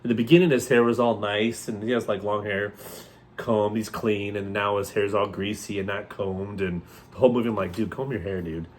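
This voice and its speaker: A man co-hosting a horror movie review in casual chat, joking and rambling, with thoughts that trail off softly. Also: lowish voice, flat delivery, fairly quick. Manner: joking, jumps into loud playful outbursts.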